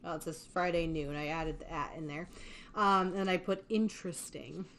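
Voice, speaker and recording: A woman's voice: lowish voice, fairly even intonation, moderate pace, fairly bright tone. Chatty woman recapping a movie. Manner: chatty, swears casually, laughs often. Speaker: podcast host. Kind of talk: casual movie recap chat.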